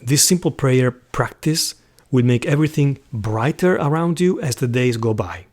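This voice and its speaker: Male host, mid-range voice, earnest reflective talk and slow, heartfelt verse reading. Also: medium pitch, lively intonation. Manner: earnest, heartfelt, reads verse slowly with soft whispered passages. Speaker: host of a Catholic channel.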